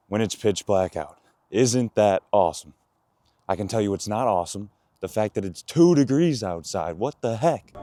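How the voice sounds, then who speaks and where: A man's voice: medium pitch, darkish tone, a little hiss or hum. A young man talking casually to camera in a fitness vlog, joking at his own expense and laughing often. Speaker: fitness vlogger. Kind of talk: casual self-filmed vlog.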